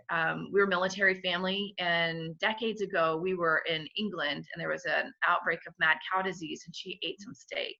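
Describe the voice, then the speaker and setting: A woman's voice: on the low side, vocal fry, bright, forceful tone. A middle-aged woman as a podcast guest, candidly sharing a personal faith testimony, heartfelt and laughing through emotion. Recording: dull lo-fi sound.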